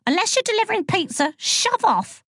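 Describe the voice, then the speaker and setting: A woman's voice: very high voice, sing-song, a little fast, a bit bright, dry recording, voice pushed up, full character voice. A woman voicing a shifty demon of lies in a storybook, evasive and dismissive.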